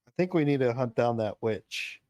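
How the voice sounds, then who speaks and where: A man's voice: mid-range voice, expressive, normal speed, a little mellow, no echo. Man, tabletop player, playful, thinks aloud, dry recording. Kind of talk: in-character tabletop role-play.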